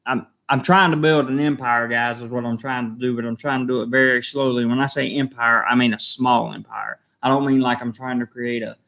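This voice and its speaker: Hosting a live stream, a man reads viewer comments aloud, getting emotional, halting, repeating himself and choking up. His voice is medium-pitched and a bit bright, and the audio is lo-fi.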